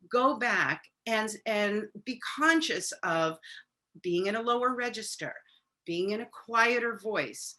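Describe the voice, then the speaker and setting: A woman speaks over a video call as a parenting expert, her voice bright and forward. She talks casually with plenty of fillers and slips into quick acted lines of parent and teen dialogue. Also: mid-range voice. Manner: conversational, acts out parent-child dialogue; frequent fillers. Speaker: parenting expert on a webinar panel. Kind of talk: advice talk on a webinar.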